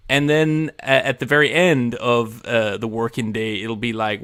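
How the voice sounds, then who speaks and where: A man's voice: medium pitch, moderate pace, few pauses, a bit bright, clear, resonant tone, dry recording, clean studio sound. A man hosting a laid-back live radio stream, chatting casually and rambling with self-mocking asides and lots of fillers.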